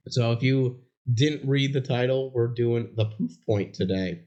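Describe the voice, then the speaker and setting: A man's voice: mid-range voice, a little slow, warm tone. A young man co-hosting a podcast, trading dry jokes in casual chat. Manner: dry, joking banter. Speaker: podcast co-host. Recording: dull lo-fi podcast audio.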